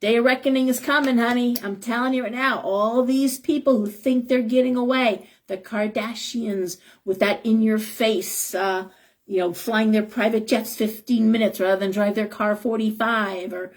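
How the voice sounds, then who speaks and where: A middle-aged woman with a slightly high voice reads tarot on a live stream. She talks in an emphatic, heated, rambling way, piling one point onto the next. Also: steady tone, normal speed. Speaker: tarot reader and shop owner.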